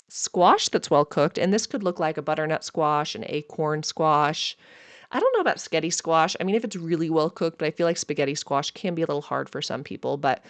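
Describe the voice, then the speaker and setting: A dietitian giving a casual educational talk, chatty and upbeat, adding quick asides while going through a list. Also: mid-range voice, no room sound.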